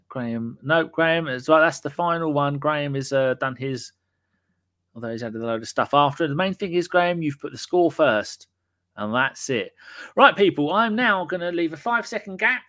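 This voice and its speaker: Man, podcast host, cheeky sweary banter, higher voice. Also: pushed and bright. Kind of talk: casual live-stream chat.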